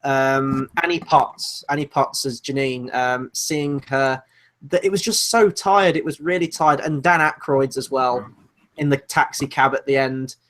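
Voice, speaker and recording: A man co-hosting a film podcast, chatting casually in an animated, rambling and sarcastic way. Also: medium pitch, a little slow. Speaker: podcast co-host. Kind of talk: casual film review chat.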